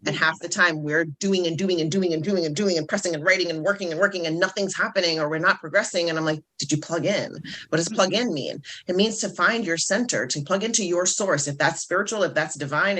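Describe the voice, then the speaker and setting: An animated, upbeat woman talks as a self-esteem coach in a casual interview. Her voice is bright and forceful, and she tells her stories with plenty of energy. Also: fairly low pitch.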